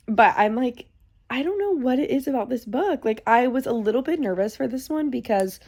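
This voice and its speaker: A woman's voice: on the high side, a little mellow. A young woman talking casually in a reading vlog, bubbly and giggly, with lots of "like". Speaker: vlogger.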